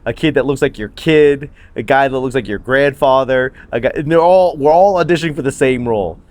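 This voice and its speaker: A man co-hosting a casual podcast chat outdoors, telling stories with a quick, joking manner. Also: mid-range voice. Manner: storytelling, quick to joke and laugh. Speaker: podcast co-host. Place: backyard, outdoors. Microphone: phone livestream.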